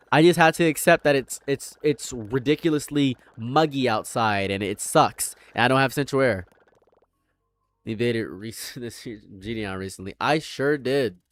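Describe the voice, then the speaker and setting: A young man rants in a loose, rambling way, circling back over his own points and slipping into mockery. His voice sits at an ordinary pitch and is recorded dry and close, with no room sound around it. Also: no room sound. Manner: rambling, repeats himself, mocking. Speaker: streamer. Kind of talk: casual livestream chat. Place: room at home.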